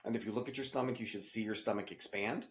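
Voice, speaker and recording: A man leading a guided breathing meditation, with slow, gentle instructions in casual wording. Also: fairly low pitch. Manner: casual wording with small restarts. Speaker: meditation teacher.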